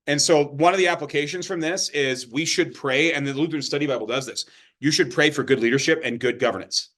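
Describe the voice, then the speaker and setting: A man with a slightly higher voice leads a Bible study in an informal, chatty manner. He stops often to ask whether his listeners follow him. He sounds like a pastor talking through a passage with a small group. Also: fast, a bit bright. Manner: conversational, checks in with the listeners often. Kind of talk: informal sermon teaching.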